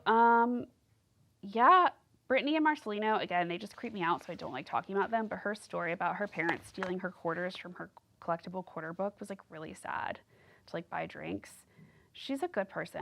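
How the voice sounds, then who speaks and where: A woman's voice: medium pitch, creaky, a bit bright. A woman hosting a casual solo podcast, gossiping and rambling with lots of "like". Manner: gossipy, rambling, heavy use of "like". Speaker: podcast host.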